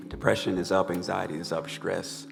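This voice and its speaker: Deep, flat-voiced man hosting an event. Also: normal speed, gravelly. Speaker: host. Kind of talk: live event hosting talk. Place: museum event hall. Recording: hall reverb with music.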